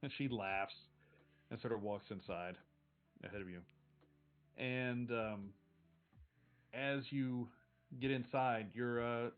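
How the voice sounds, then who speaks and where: A man narrating as game master of a tabletop game, relaxed and rambling. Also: mid-range voice, slow pace, pauses often, narrow, tinny audio.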